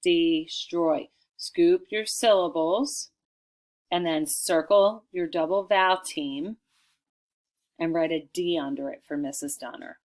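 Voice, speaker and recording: A middle-aged woman teaches a recorded spelling lesson to children, dictating each word slowly and clearly and breaking it into its sounds. Her voice sits fairly low, and she takes her time. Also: darkish tone.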